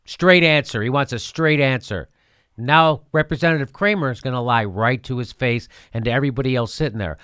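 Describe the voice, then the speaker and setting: A man's voice: medium pitch, fairly quick, fairly bright tone, clean tone. A man hosting a show, giving heated political commentary, indignant and sarcastic, repeating his points with profanity. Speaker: host.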